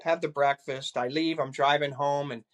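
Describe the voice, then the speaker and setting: A man's voice: a little high, fairly even intonation, normal speed, a bit bright. An older man, a retired police chief, earnestly recounting personal experiences in a conversation, often repeating words as he goes.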